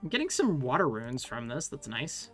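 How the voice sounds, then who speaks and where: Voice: medium pitch, very animated, moderate pace, fairly bright tone, faint music behind. A streamer in their thirties chatting loosely while playing a game, swearing and laughing often. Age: 30s. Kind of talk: casual chat while gaming.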